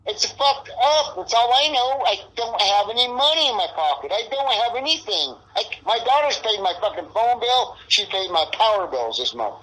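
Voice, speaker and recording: A man's voice: high-pitched, sing-song, moderate pace, hardly any pauses, pushed and bright, low-quality recording. A middle-aged man being interviewed, talking in a rambling, profane, frustrated way. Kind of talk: casual interview.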